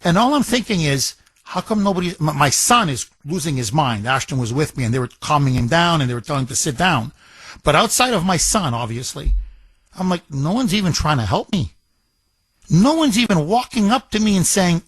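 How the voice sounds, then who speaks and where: A man's voice: a little high, very animated, normal speed, fairly bright tone, husky, dry recording. A man hosting a talk radio show, speaking in an impassioned, emphatic monologue and repeating phrases for effect. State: recovering from broken ribs.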